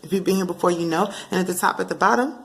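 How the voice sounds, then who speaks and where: A woman giving a casual tarot reading to camera, animated and playful, slipping into bits of song and acted asides. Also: fairly low pitch, rapid-fire, vocal fry. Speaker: tarot card reader.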